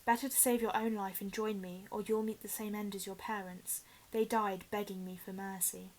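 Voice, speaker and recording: A cold, hissing storybook villain, a dark lord who is only a face on someone else's head, put on by a woman reading aloud. He speaks in a menacing whisper that can snap into a shriek. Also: medium pitch, fairly even intonation, normal speed, lightly acted. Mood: cruel, taunting.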